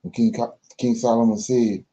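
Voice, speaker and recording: A man reading scripture aloud for a Bible study, slow and careful, pausing and correcting himself as he goes. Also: mid-range voice, steady tone, warm tone, lo-fi sound.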